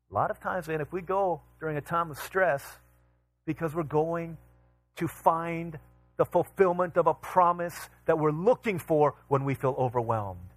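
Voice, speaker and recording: Husky-voiced preacher man, rising and falling. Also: a bit bright. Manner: rises to emphatic repeated questions, drops low for tender asides; tells a homey family anecdote. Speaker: pastor. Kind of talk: sermon.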